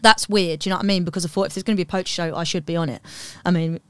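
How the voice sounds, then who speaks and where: Blunt woman, smooth dry voice. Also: lowish voice, steady tone, very fast, no room sound. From Uxbridge, England. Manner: blunt, swears freely, acts out both sides of a dialogue. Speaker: comedian and poet guest. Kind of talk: casual podcast storytelling.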